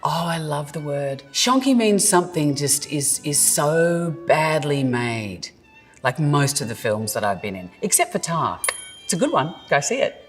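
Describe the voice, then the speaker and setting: Australian actress, low voice, very animated delivery, playful and self-mocking, long reverb with faint music behind. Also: female voice. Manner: jokey, self-mocking, drawn-out words. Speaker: actress explaining slang. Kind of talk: playful scripted explainer.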